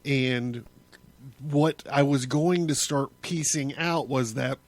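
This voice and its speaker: A man's voice: mid-range voice, slow, no room sound. A man hosting his own podcast, talking through a casual solo monologue in a rambling way, with many restarts and chuckles. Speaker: podcast host.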